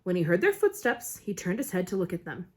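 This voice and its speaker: Breathy woman reading a novel aloud. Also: on the low side, a little fast. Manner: expressive, with small slips. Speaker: audiobook reader.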